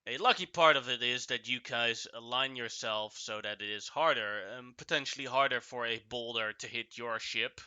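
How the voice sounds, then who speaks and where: A man's voice: mid-range voice, moderate pace, few pauses, bright, forceful tone, smooth, no room sound. A man running a tabletop game as game master, narrating the scene with frequent fillers and restarts.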